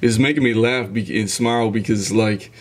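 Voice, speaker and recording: A man's voice: fairly low pitch, steady tone, normal speed, very noisy. A man hosting a music reaction video, talking casually and enthusiastically as he breaks down the rhythm and delivery aloud. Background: music playing behind.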